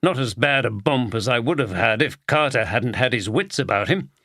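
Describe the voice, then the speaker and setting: A man's voice: medium pitch, lively intonation, normal speed, bright, forceful tone, no room sound, studio quality. A man voicing a weary, self-deprecating detective inspector in an audiobook.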